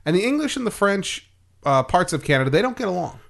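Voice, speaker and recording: A man's voice: high-pitched, very animated, fast, gravelly, fairly bright tone. A man co-hosting a podcast, explaining history in a loose, joking way with fillers and laughs. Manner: loose, jokey storytelling with frequent laughs and fillers. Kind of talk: casual comedic history chat.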